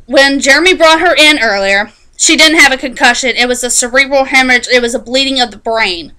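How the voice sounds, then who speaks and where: A woman casually recapping a TV episode in a chatty, animated way, often restarting her sentences. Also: high voice, brisk, rough recording. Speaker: TV show reviewer.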